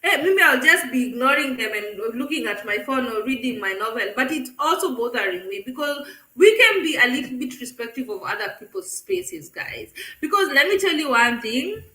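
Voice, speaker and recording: A woman's voice: high-pitched, expressive, moderate pace, sharp tone, roomy sound, rough recording. A Kenyan woman hosting a casual live stream, talking animatedly with frequent laughter and Swahili phrases mixed in.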